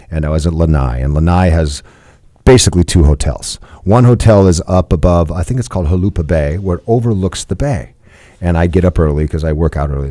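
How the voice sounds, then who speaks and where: A man in his fifties telling a personal story as a podcast guest, playful and animated, laughing often. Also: low voice, dry recording. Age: 50s.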